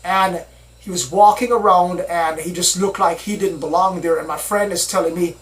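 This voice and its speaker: A man's voice: high-pitched, steady tone, moderate pace, fairly bright tone, poor audio. A man earnestly recounting his own strange experiences in a rambling, repetitive way. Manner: rambling, repeats himself, earnest. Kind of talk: personal account, casual storytelling.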